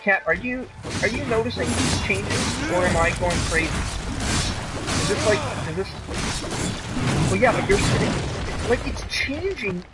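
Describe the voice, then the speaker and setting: A man's voice: high voice, expressive, unhurried, long pauses, poor audio. A man streaming a video game, rambling and joking in casual commentary and easily astonished by what he sees on screen. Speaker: gaming streamer. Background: loud video game music.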